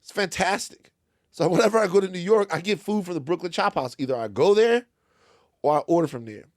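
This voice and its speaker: A man's voice: high-pitched, a little fast, no echo, clean studio sound. A man from Louisiana co-hosting a podcast, telling a story with lots of swearing and acted-out voices. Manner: animated storytelling, swearing, acting out other voices. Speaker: podcast co-host. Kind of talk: casual studio chat. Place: podcast studio.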